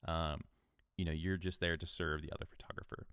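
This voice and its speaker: Casual bearded podcast host, low voice. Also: male voice, flat delivery, fairly quick, fairly bright tone, smooth, no room sound, studio quality. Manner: casual, conversational, upbeat coaching. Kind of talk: solo podcast advice talk.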